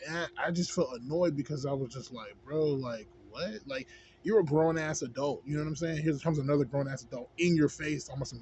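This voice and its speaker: A man's voice: on the high side, brisk, a little mellow. A man in a casual, rambling rant, heavy on swearing and on "you know what I'm saying". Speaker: vlogger. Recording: dull lo-fi with faint background noise.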